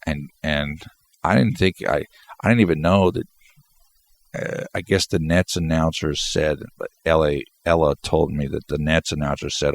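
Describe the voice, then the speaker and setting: A man's voice: rumbling low, normal speed, gravelly. A congested man rambling through a solo basketball post-game commentary, often restarting his sentences. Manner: rambling, repeats words and restarts.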